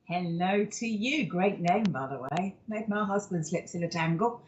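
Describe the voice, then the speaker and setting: A woman's voice: on the low side, moderate pace, darkish tone, dull audio, slight background noise. A woman, a psychic medium hosting a live show, giving a card reading in an affectionate, rambling way full of fillers and endearments.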